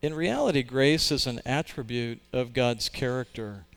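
A man's voice: mid-range voice, normal speed, fairly bright tone. A man, who is a pastor, preaching a sermon in an earnest, emphatic way, with occasional restarts.

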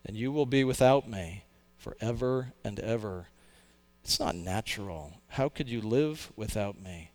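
A man voicing a hushed, wheedling lizard creature. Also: on the low side, expressive, a little slow. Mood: warning. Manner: pleading, coaxing, hushed. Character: wheedling male lizard clinging to a ghost.

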